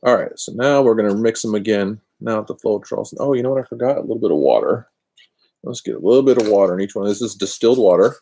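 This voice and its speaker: A man's voice: lowish voice, animated, fast, mellow. A man chatting casually and rambling on a craft live stream from a cold garage, picked up by a laptop's built-in microphone. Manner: rambling, chatty, self-deprecating. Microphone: built-in computer microphone.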